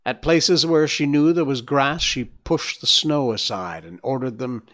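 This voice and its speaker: A man with an everyday mid-range voice reads a storybook aloud on his live stream. His narration is gentle and measured. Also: medium pitch. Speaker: livestream host reading a book aloud.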